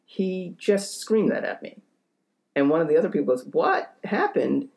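A man's voice: on the high side, lively intonation, moderate pace, dark tone. A young man telling a funny story on a podcast in a rambling, hesitant way, full of fillers and self-deprecating asides. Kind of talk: casual comedic storytelling.

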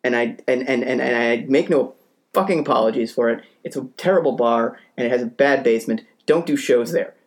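A man's voice: medium pitch, a little fast. A man co-hosting a podcast, talking in casual chat with blunt, opinionated rants. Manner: blunt, opinionated ranting with swearing. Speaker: podcast co-host.

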